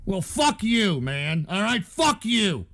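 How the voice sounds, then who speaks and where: Gravelly high-voiced man ranting profanely. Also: big pitch swings, slow, a bit bright. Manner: profane, ranting, stammering restarts. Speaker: show host. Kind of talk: angry rant at chat.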